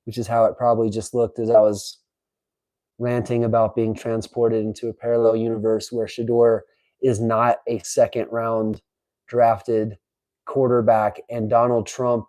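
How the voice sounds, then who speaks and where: A man hosting a live stream, chatting casually and reading aloud with incredulous, animated asides. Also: mid-range voice, rough recording. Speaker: livestream host. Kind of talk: live-stream reaction chat.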